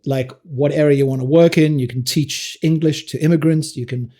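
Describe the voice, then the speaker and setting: A South African man, middle-aged and a guest on a podcast, spins animated anecdotes full of restarts and quick laughs. His voice sits a touch high for a man, yet the tone is dark and husky. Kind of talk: casual interview storytelling.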